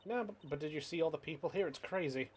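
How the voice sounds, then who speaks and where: A man voicing an excitable young woman sidekick in a video game, chatty and bubbly. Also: a little high, fast, slight background noise, close to an everyday voice. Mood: excited.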